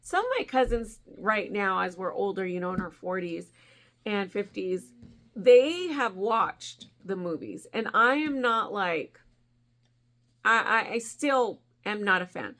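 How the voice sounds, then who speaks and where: Lady in her 40s yapping away at the camera, all over the place, animated and laughy. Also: mid-range voice, unhurried. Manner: chatty, animated, laughs often. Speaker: crochet vlogger. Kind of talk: rambling casual storytelling.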